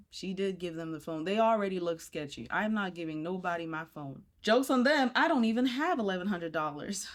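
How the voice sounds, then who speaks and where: Frank woman giving reaction commentary. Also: medium pitch. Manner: frank, moralizing, talks straight to viewers. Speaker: commentary host.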